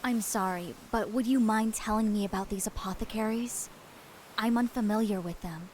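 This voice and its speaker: A woman's voice: medium pitch, moderate pace, slight background noise, close to an everyday voice, poor audio. Woman voicing a young apothecary, composed, earnest, video game dialogue. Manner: composed, earnest, soft-spoken. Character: calm, selfless female apothecary, young adult.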